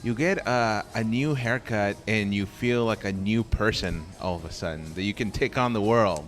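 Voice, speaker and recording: A man hosts a relaxed interview in a barbershop and talks haltingly, often stumbling over and repeating his words. His voice sits on the low side. Faint music plays quietly behind him. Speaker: podcast host. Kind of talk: casual interview.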